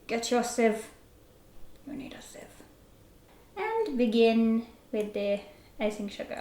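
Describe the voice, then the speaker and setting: A woman with a fairly high voice talks through a recipe in a loose, chatty way, breaking into giggles as she works. Her voice bounces around a roomy, echoey kitchen. Dishes and cutlery clatter behind her. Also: a little hiss or hum. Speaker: baking vlogger. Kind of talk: casual recipe tutorial. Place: home kitchen.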